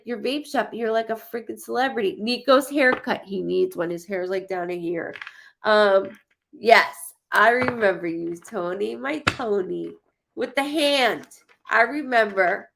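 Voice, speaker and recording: A woman's voice: fairly high pitch, creaky, fairly bright tone, a little hiss or hum. A woman psychic chatting casually on a live stream, blunt and repetitive, swearing now and then. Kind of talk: casual live-stream chat reading viewer comments.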